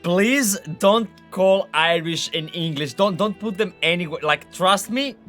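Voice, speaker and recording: A young man commenting on a game live, excitable and ranting. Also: high-pitched, measured pace, soft background music. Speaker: streamer.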